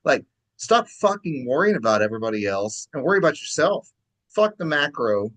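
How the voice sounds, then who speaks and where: A man's voice: on the high side, very animated, brisk, fairly bright tone. A man hosting a podcast in casual chat, agreeing easily and swearing freely. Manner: agreeable, laid-back, profane. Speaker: podcast host.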